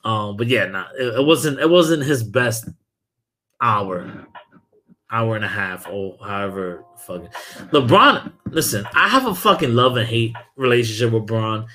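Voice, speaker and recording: A man's voice: mid-range voice, lively intonation, unhurried, bright, forceful tone. A man from Brooklyn, hosting a casual podcast and ranting about sports in heated, profane talk. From Brooklyn, New York. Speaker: podcast host.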